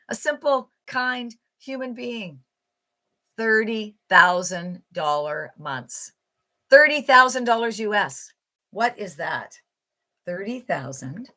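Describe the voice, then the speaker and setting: A woman giving an enthusiastic, emphatic motivational sales pitch for an online marketing program. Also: bright, forceful tone.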